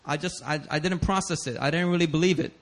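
A man preaching a sermon as pastor, telling stories animatedly with bursts of shouting and laughter. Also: a little high, fast.

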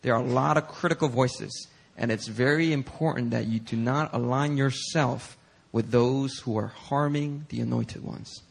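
A male pastor preaching a sermon in a church, telling stories in an animated, conversational way. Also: medium pitch, moderate pace, gravelly, slightly rough. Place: church sanctuary.

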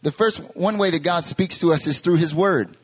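A pastor in his thirties, from North Carolina, preaching a sermon. He tells stories with animation and stacks up rhetorical questions. His speaking voice sits a little high for a man. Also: moderate pace, husky. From North Carolina, USA.

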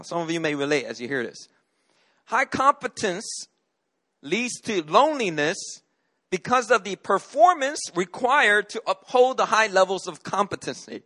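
A man's voice: high voice, expressive, measured pace, pushed and bright. A middle-aged man from Korea, a pastor preaching a sermon, telling a personal story in an earnest way with frequent restarts.

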